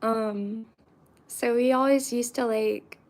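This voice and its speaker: A woman's voice: fairly high pitch, steady tone, slow pace. A young woman from Florida chatting casually to her viewers, rambling with lots of fillers and restarts. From Central Florida, US. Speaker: vlogger. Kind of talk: casual chat to camera.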